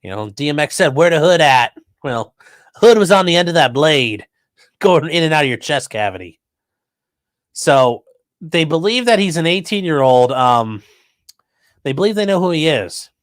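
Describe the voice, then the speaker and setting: Sarcastic animated male podcast host. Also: on the high side, normal speed, pauses often, no echo. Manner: sarcastic, profane, animated mockery. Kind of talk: casual commentary on news clips.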